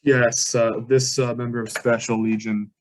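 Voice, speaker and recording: A man's voice: mid-range voice, level tone, normal speed, a little hiss or hum. A man narrating as game master of a tabletop game, describing scenes with many fillers and restarts.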